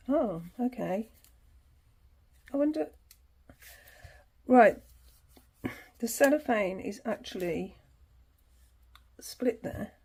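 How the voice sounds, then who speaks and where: A woman's voice: a little high, creaky, a little mellow, husky. A woman hosting her tarot channel, chatting casually through an unboxing, laughing easily and reading passages aloud.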